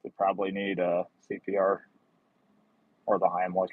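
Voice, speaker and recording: Man, low voice, joking live-stream chat from the car, rambling asides, dry, thin phone-like sound. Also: monotone, normal speed, no echo. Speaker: delivery driver livestreaming. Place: in a car while driving.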